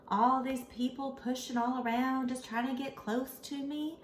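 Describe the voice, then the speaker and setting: A woman telling a children's story in an animated way, speaking as the character in the first person. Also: sits high, unhurried, a little hiss or hum. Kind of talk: expressive read-aloud storytelling. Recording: echoey room.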